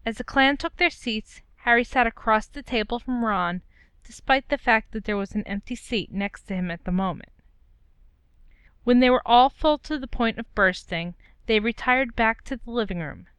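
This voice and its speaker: Woman narrator reading fan fiction, very smooth, close and dry. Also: mid-range voice, a bit bright, no echo. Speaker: story reader.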